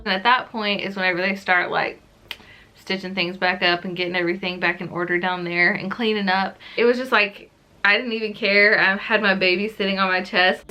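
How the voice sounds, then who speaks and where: A woman's voice: medium pitch, steady tone, fairly quick, over music. A young woman telling a personal story to her camera in a chatty, casual way, with many "like"s. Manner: chatty, says "like" often. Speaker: vlogger.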